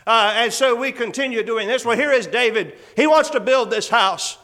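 A man's voice: extremely high pitch, moderate pace, bright, forceful tone. A man preaching a sermon to his congregation, reading scripture in old English and building to earnest, fervent emphasis.

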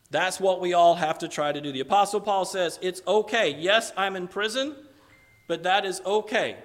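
Middle-aged guy preaching, high voice, leans on words slow, long hall echo. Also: pushed and bright. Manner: preaching with slow emphatic stresses and repeated phrases. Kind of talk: sermon.

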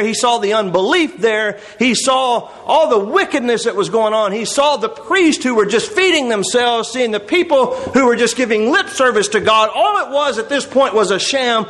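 A man's voice: very high voice, a bit bright, rough recording. A man preaching a sermon, explaining scripture verse by verse and reading passages aloud. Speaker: pastor.

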